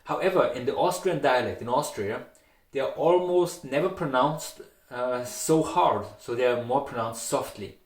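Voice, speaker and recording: A man gives a pronunciation lesson in a room with a noticeable echo. His pitch sits at an ordinary middle height. He says each example word several times over and keeps checking in with the listener. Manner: repeats example words slowly, checking with "yeah?" and "okay?". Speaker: dialect teacher. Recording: echoey room.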